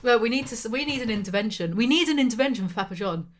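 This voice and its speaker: A woman's voice: fairly high pitch, lively intonation, rapid-fire. A young English woman with a London accent, co-hosting a casual podcast, blunt, sweary and teasing, laughing often. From England. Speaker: podcast co-host.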